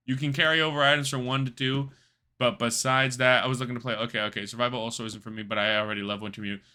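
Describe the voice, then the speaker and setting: A young man streaming a survival game, talking casually, swearing, laughing and reading chat aloud. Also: medium pitch. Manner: animated, laughing, swears a lot, slangy. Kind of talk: casual gameplay commentary.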